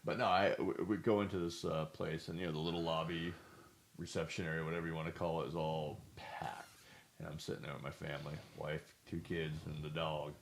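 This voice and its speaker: A man's voice: a bass voice, flat delivery, brisk, a little hiss or hum. A talkative man telling funny stories in casual chat, joking and laughing as he goes. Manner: talkative, jokey, laughs at his own stories. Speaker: co-host.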